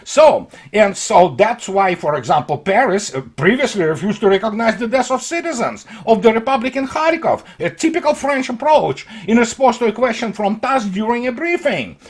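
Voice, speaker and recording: A man giving an unscripted political commentary monologue, sarcastic and mocking, halting often on fillers. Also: sits high, sing-song, husky.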